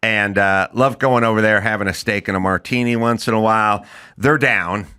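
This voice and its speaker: A man's voice: lowish voice, normal speed, smooth. A middle-aged man hosting a talk show, telling stories casually and acting out quotes in mocking voices. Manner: animated storyteller who acts out quotes in mocking voices. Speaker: podcast host. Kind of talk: casual interview chat.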